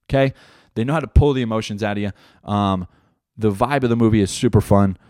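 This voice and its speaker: A young man with a low voice talks through his solo podcast in a loose, rambling way, swearing often and leaning on fillers. The sound is close and dry, with no room around it. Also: fast, no room sound. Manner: profane, rambling, animated with many fillers. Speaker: podcast host; stand-up comedian. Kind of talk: casual solo podcast chat. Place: home room.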